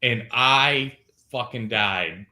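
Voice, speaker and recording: A man's voice: mid-range voice, extremely slow, pushed and bright. A man joining a casual panel chat on a video call, telling laid-back anecdotes. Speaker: panel guest.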